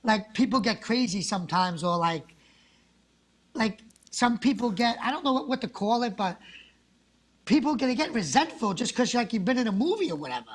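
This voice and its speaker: A man's voice: sits high, lively intonation, a little fast. A man, a guest actor chatting casually and rambling through stories, acting out the people in them. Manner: rambling storyteller, acts out quoted people. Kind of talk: casual interview chat.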